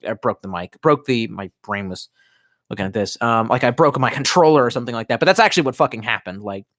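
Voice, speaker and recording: A man's voice: medium pitch, fast, dry recording. A young man in casual live stream talk, rambling and profane, close to a desk mic in a small room at home. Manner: profane, rambling, animated storytelling.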